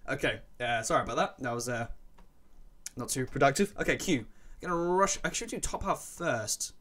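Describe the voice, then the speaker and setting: A man commentating his own gameplay, muttering to himself and breaking into excited yelps. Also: medium pitch, normal speed. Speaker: let's play gamer.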